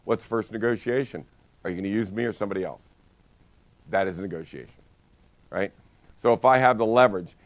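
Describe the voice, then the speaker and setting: A man's voice: lowish voice, brisk, long pauses, dry recording. A man teaching a real estate training session, telling stories with lots of energy and frequent restarts. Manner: energetic storytelling with many restarts. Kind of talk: live training talk.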